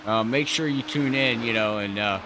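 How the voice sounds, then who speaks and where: A man's voice: mid-range voice, normal speed, over a noisy crowd. A man co-hosting a sim racing stream, easygoing, chiming in with short reactions. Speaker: co-host. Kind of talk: casual co-commentary.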